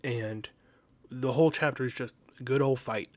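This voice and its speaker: A man talks through a comic chapter in a loose, excited ramble, recapping scenes by quoting the characters in his own voice. His pitch sits in the middle range for a man. The sound is dry and close, with no room around it. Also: moderate pace, dry recording. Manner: enthusiastic, rambling, recaps the plot in quoted voices. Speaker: manga reviewer. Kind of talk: casual solo review commentary.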